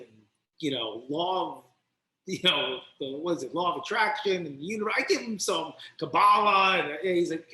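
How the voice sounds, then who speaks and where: A man from New Jersey, a podcast guest, telling a personal recovery story with lively, animated delivery. He slips into the voices of the people in his story as he goes. His tone is bright and forceful, a little above the usual male pitch, and the room gives his voice a noticeable echo. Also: normal speed. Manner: animated storytelling, acting out both sides of the dialogue. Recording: roomy echo.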